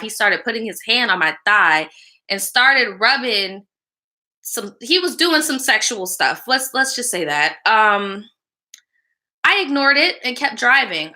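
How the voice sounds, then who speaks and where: A woman's voice: medium pitch, pushed and bright. A woman hosting a live show, reading a viewer's story aloud and then giving blunt, slangy advice while chatting back to viewers. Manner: blunt, casual and slangy, with frequent swearing; chats back to live viewers between lines.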